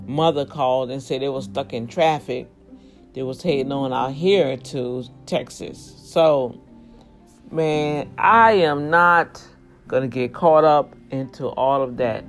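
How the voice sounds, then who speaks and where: A woman from Louisiana talking casually to her viewers, earnest and preachy, warning them directly. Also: extremely low pitch. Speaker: vlogger.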